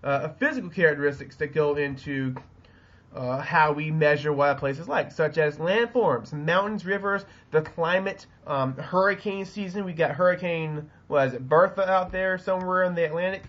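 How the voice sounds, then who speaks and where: Speaking at a moderate pace, a teacher with a Southern US accent rambles through a recorded geography lesson, with frequent ums and restarts. His slightly high voice is a bit bright, and the webcam recording has its highs cut off.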